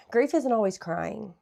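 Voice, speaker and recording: Candid, mellow-voiced woman in her thirties. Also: fairly high pitch, vocal fry. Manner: candid, reflective, softly spoken. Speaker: guest sharing a testimony. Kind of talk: personal testimony in an interview.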